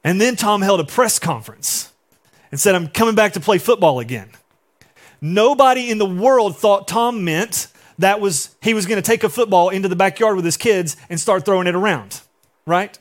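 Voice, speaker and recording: A man in his forties preaching a sermon, telling the story in an animated way and acting out the people he quotes. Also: high-pitched, normal speed. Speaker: pastor.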